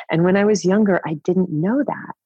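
A woman's voice: on the low side, moderate pace, warm tone, slightly rough, dry recording, muffled recording. A woman in her fifties, a guest author speaking candidly in an interview, laughing often and swearing casually. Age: 50s.

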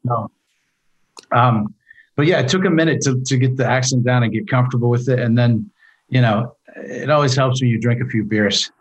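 A man in his forties from California, talking as a guest on a podcast in a loose, rambling way and filling his talk with "you know" and curses. His voice is husky and sits at a middling pitch. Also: moderate pace, low-quality recording. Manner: relaxed, rambling, profane, lots of "you know". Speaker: actor guest. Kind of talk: casual interview.

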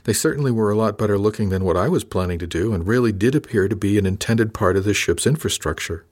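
A man reading a first-person science fiction story aloud in a measured, dry manner. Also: fairly low pitch, darkish tone. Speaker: narrator. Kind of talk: scripted first-person audiobook narration.

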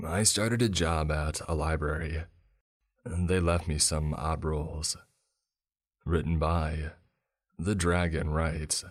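A man narrating a first-person horror story in a calm, steady manner. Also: extremely low pitch, slow pace, pauses often. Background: faint music.

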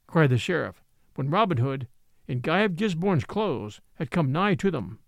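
Lively male storyteller. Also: a little high, normal speed, no echo, studio quality. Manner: expressive, lively delivery. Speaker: narrator. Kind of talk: scripted storybook narration.

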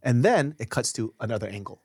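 A man's voice: medium pitch, fairly quick, slightly rough, no room sound, studio quality. A man co-hosting a podcast in casual chat, teasing his friend and laughing often. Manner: teasing, laughs a lot, animated. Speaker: podcast co-host.

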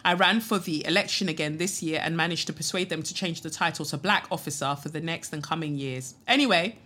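A woman hosting a podcast, reading a listener's letter aloud with expressive delivery and dry asides. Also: sits low, brisk.

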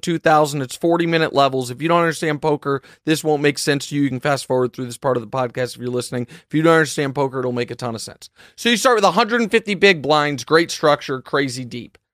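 A man hosting a sports podcast, talking in an animated, emphatic monologue full of quick asides and restarts. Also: fairly high pitch, no room sound, studio quality. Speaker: sports show host. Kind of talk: casual monologue.

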